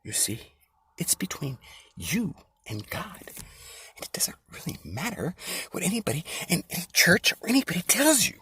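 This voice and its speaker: A man preaching an informal sermon in a mocking, conspiratorial tone, dropping into whispers and then rising to loud outbursts. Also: high voice, huge pitch swings, moderate pace, husky. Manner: swings between hushed whispers and loud, sarcastic exclamations. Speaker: self-made online preacher.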